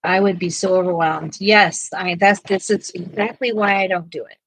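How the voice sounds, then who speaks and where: A woman's voice: fairly low pitch, steady tone, normal speed, fairly bright tone, a little hiss or hum, poor audio. A sleepy woman chatting and teasing casually at home while helping sort pencils. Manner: chatty, teasing, laughs easily. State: sleepy, yawning. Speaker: co-host. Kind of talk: casual chat.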